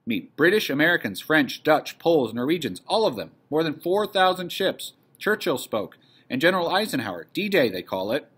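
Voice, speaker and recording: Man reading an excited young woman. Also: mid-range voice, normal speed, husky. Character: excited young woman helper bringing news.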